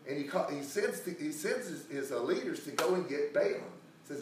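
A man's voice: mid-range voice, lively intonation, fairly quick, few pauses, a little hiss or hum. A man telling a Bible story in a casual, rambling sermon, full of restarts and acted-out quotes. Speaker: preacher. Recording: echoey room, recorded from a distance.

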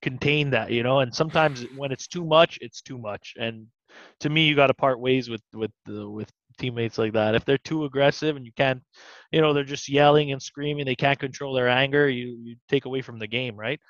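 A man hosts a casual podcast chat in an easygoing, agreeable way. His voice sits at an ordinary male pitch. The sound is dull, lo-fi and dry. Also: steady tone, fairly quick, a bit bright, no echo. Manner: easygoing, agreeable, frequent affirming backchannels.

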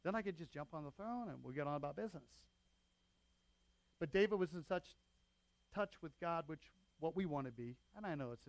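A man's voice: fairly high pitch, animated, fairly quick, pauses often, no echo. A man preaching a sermon as pastor, talking in a loose, conversational way with frequent asides to the congregation.

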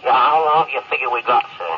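A man's voice: mid-range voice, expressive, fast talker, lightly acted. An actor playing a stranded spaceship crewman, earnest, deferential and folksy in 1950s radio drama style. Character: stranded loyal spaceman, plain-spoken crewman. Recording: dull old radio recording with hiss.

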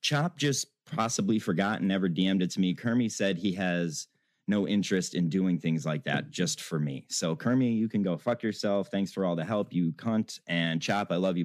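Low-voiced laughing male host. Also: normal speed, no room sound. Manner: laughs often, swears freely. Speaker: show host. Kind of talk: casual chat.

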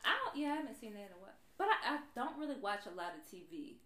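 A woman's voice: on the high side, big pitch swings, rapid-fire, pushed and bright. A woman in a casual chat who asks questions and makes wry remarks, swearing casually. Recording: echoey room.

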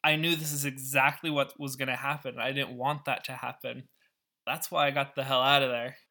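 A man's voice: medium pitch, steady tone, moderate pace, sharp tone. A man voicing an exasperated, sarcastic male prophet who is furious and pleading, in a spoken Bible retelling.

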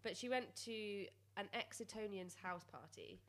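A woman's voice: mid-range voice, a little slow. A woman from Wales telling a cheeky story in casual banter, giggling as she goes.

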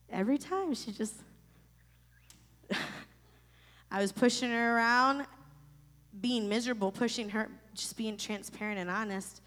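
A woman in her thirties from Florida telling a personal testimony in an emotional, halting way with many restarts. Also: mid-range voice. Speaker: storyteller sharing a personal testimony. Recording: long reverb.

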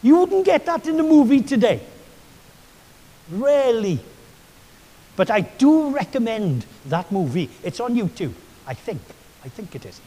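A man's voice: very high voice, sing-song, a little slow, long pauses, warm tone. A man preaching a sermon as a pastor, telling enthusiastic, chatty stories full of asides, recorded in a hall with long reverb.

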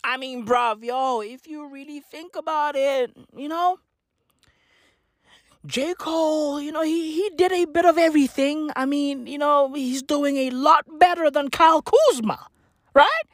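A woman's voice: sits high, measured pace, dry recording, studio quality. A woman giving a mocking, profane sports rant, laughing often and repeating herself in exasperation. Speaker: sports commentator.

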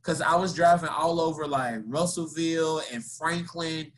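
A young man from Kentucky, co-hosting a podcast and telling a story in casual, slangy talk. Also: normal speed. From Kentucky, USA. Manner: animated, slangy, laughing, jumps into high voices for quotes. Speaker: podcast co-host.

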